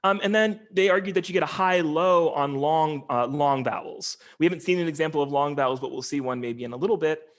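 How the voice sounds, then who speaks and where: Male academic, online lecture, slightly high, halting and filler-heavy. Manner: explanatory, many ums and restarts. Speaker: linguistics lecturer.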